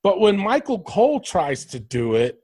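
A man hosts a laid-back podcast chat in a fairly high, very lively voice that swings up and down. He talks loosely and swears freely. The sound is dry and close. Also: normal speed, breathy edge, dry recording. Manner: animated, swears, mimics commentators. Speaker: podcast host. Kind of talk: casual wrestling review chat.

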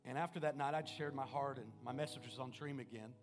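A man preaching a sermon as pastor, telling a personal story in an earnest manner, swinging between loud and hushed. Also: medium pitch, quick pace. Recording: music playing behind the voice.

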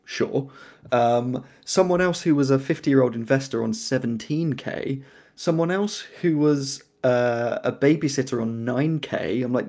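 A man from England chats casually as a co-host, wry and quick to laugh. His voice sits at an ordinary pitch with a gravelly, creaky edge. He talks loosely, with lots of ums and restarts. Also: darkish tone. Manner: chatty, wry, laughs often. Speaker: podcast co-host. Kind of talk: casual chat.

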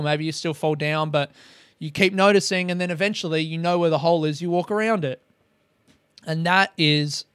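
A man's voice: fairly high pitch, clear, resonant tone, no echo. A man talking in a casual, rambling monologue on a podcast, swearing often and mocking himself. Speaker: comedian podcast host.

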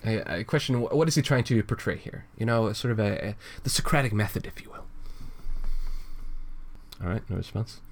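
A man's voice: on the low side, lively intonation, brisk, long pauses. A man co-hosting a casual comedy podcast, reading a fan comic aloud in a rambling, giggly way and swearing freely.

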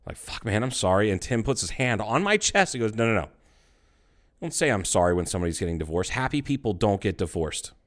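A man's voice: fairly low pitch, very animated, fast talker, fairly bright tone. A middle-aged man in casual chat, telling stories bluntly and swearing freely. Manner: blunt storytelling, heavy swearing.

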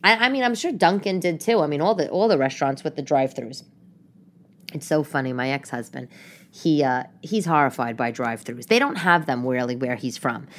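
A woman's voice: deep voice, a little fast. A middle-aged woman from New York hosting a casual solo podcast, rambling through comic stories and asides. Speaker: podcast host.

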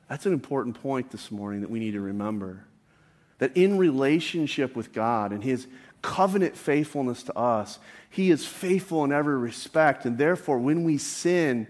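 A man delivering a sermon in a mid-range voice. He repeats his main points slowly for weight and grows louder and higher when he reads from scripture. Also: expressive. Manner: slows down and repeats key lines for emphasis. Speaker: pastor.

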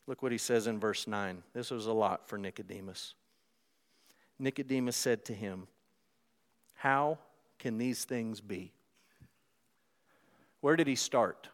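A pastor preaching a sermon in a conversational way, climbing louder and higher for emphasis. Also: male voice. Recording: preached in a reverberant hall.

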